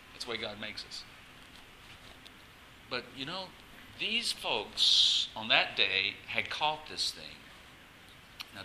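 A man pastor giving a lively sermon at a church service, coaxing the congregation to join in. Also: mid-range voice, slight background noise, poor audio.

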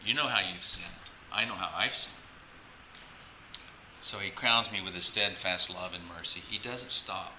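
A man pastor giving a casual, halting sermon to his congregation, repeating words and laughing often. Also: low-pitched, sharp tone. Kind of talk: conversational sermon. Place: church sanctuary. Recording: echoey room, faint ambient noise.

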